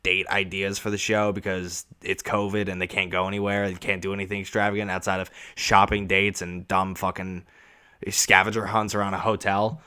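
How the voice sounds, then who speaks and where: Man, young adult, low voice, podcast host, sarcastic, swearing, animated rant. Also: normal speed, clear, resonant tone. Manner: profane, sarcastic, animated ranting. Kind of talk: casual ranting monologue.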